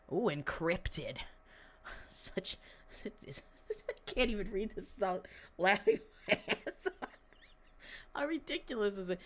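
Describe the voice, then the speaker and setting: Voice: mid-range voice, fairly bright tone. Sarcastic swearing podcast host. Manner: sarcastic, mocking, swears often; reads aloud and breaks off with snarky asides. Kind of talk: casual commentary on news articles.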